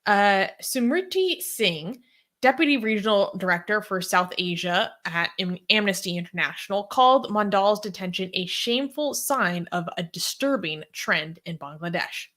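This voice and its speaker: A woman's voice: mid-range voice, animated, normal speed, fairly bright tone. A woman co-hosting a news commentary show, reading stories and quotes aloud and then commenting loosely. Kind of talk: reading news and casual chat.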